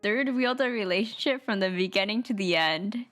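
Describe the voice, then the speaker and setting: A young woman hosting a stream, reacting to guests' stories in a relaxed, teasing way. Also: mid-range voice, brisk. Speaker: streamer host. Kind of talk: casual chat.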